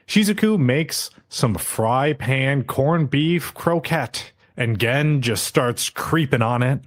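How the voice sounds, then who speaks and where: A man's voice: mid-range voice, slightly rough. A man hosting a podcast, casually recapping an anime episode and acting out the characters' lines with frequent swearing.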